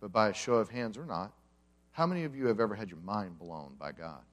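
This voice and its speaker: The pastor here has a lowish voice and a brisk delivery, captured with lo-fi sound. Preaching conversationally to a congregation, he spins the story with humor and acts out the characters.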